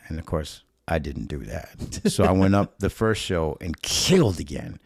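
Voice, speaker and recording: A middle-aged man from Chicago, a comedian, tells a story casually on a podcast. He has a very deep, low voice. He swears freely and acts out the people in his story, recorded close and dry with no room sound. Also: lively intonation, normal speed, gravelly, hardly any pauses, no echo. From Chicago, USA. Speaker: stand-up comedian guest.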